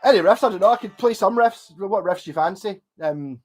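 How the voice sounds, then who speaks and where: A man's voice: sits high, lively intonation, a little fast, over music. A man with a Scottish accent, tipsy from drinking, rambling and swearing heavily as he chats casually on a live stream.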